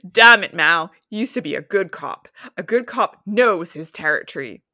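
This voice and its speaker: A woman voicing a gruff, exasperated male street informant who scolds bluntly. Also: lowish voice, animated, moderate pace, sharp tone, no room sound, clean studio sound. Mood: scolding.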